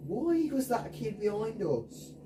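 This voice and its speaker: Far from the mic, a man with a high, sing-song voice slowly commentates his own video game match, swearing and ranting at his teammates in frustration. Music plays in the background.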